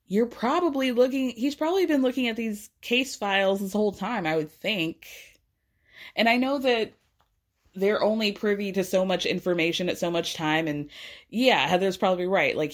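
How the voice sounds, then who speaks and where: Woman gossiping thru a reality tv recap, chatty, does the voices. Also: mid-range voice. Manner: chatty, acts out quotes in a raised voice. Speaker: recap podcaster.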